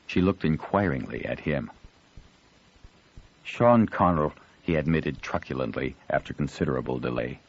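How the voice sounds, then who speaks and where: A man reading an audiobook in an expressive storytelling manner, shifting his voice for the characters. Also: rumbling low, a little fast, few pauses, slightly rough, dull audio. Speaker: audiobook narrator. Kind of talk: scripted audiobook narration.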